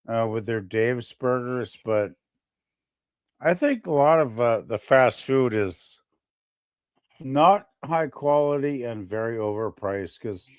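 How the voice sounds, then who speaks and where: A man's voice: medium pitch, no echo. An older man in a casual live-stream chat, grumbling and opinionated, stammering as he restarts.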